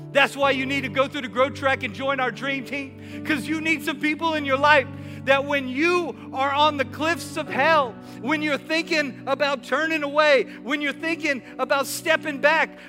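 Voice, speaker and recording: A male pastor preaching an energetic sermon in a church, with repeated call-and-response lines. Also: very high-pitched. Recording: reverberant hall with faint music.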